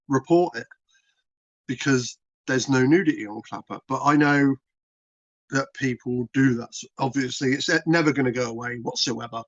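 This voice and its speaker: A male content creator from Britain, being interviewed, speaks at a moderate pace in a mid-range voice. His style is casual, plain-spoken, rambling and repetitive. The recording is dull and dry with no echo.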